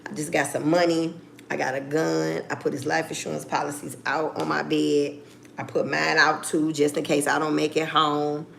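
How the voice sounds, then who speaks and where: A woman's voice: low-pitched, level tone, normal speed, gravelly, slight background noise. A middle-aged woman telling a story casually and bluntly, with plenty of swearing, acting out her phone calls. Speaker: vlogger.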